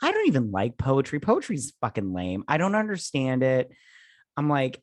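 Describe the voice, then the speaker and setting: A man's voice: medium pitch, huge pitch swings, normal speed, no echo. A drunk man co-hosting a casual movie-review podcast, rambling and swearing as he trails off mid-thought. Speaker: podcast co-host.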